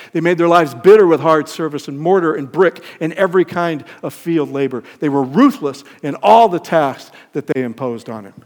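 An older man preaching a sermon, emphatic, swinging from loud peaks to soft lines and asking the congregation questions. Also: a little high. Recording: long hall reverb.

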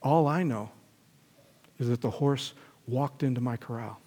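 A preacher voicing a calm, wise old villager. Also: male voice, mid-range voice, slightly rough. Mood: measured. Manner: quiet, even and measured. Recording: echoey hall reverb.

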